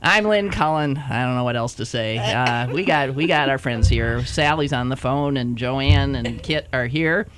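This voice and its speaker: A woman's voice: very deep voice, normal speed, hardly any pauses, background noise. A woman hosting a talk radio show, bantering with guests in a teasing manner and laughing easily.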